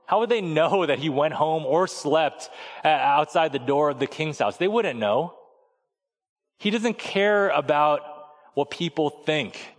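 Conversational male preacher in a reverberant hall. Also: fairly high pitch. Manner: conversational storytelling preacher, acts out voices. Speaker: pastor. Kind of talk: sermon.

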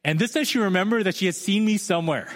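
A man's voice: sits high, fast. A man in his thirties preaching a sermon as a pastor, talking in a conversational, self-deprecating storytelling way. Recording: long hall reverb.

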